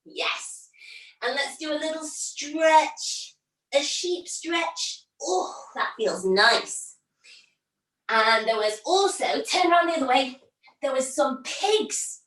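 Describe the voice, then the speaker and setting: A woman leading a storytelling yoga class for young children, playful and encouraging, giving gentle instructions. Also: high voice, lively intonation, takes it slowly, far from the mic. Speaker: kids yoga teacher. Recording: roomy echo, from off the mic.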